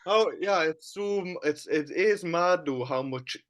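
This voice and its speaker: A man's voice: on the high side, unhurried, fairly bright tone. A man with a Geordie accent co-hosting a podcast, chatting casually, passionate and swearing freely. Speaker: podcast co-host. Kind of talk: casual chat.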